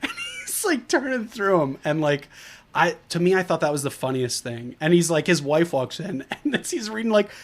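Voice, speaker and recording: A man's voice: a little high, very animated, moderate pace. A man co-hosting a movie podcast, chatting casually, often laughing and using lots of "like" as he retells scenes. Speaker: podcast co-host.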